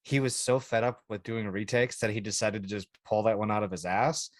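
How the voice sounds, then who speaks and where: A man's voice: fairly low pitch, steady tone, fairly quick, no echo. A man co-hosting a podcast, teasing the others and chiming in with fun facts. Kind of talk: casual chat.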